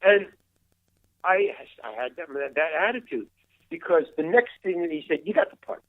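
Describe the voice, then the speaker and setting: A man's voice: high voice, big pitch swings, moderate pace, no room sound. Older male guest, storyteller, restarts often, voices the other people in his tales; thin phone-quality audio. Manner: rambling, restarts, acts out quoted dialogue. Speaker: interview guest, veteran actor. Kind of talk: casual anecdote telling. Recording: tinny phone-like line, dry.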